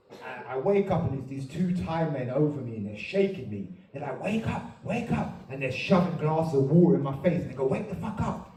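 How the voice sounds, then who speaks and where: A man performing a stand-up comedy set, telling a story with sudden loud outbursts. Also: fairly high pitch. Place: comedy venue stage. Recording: roomy live sound, distant, noisy.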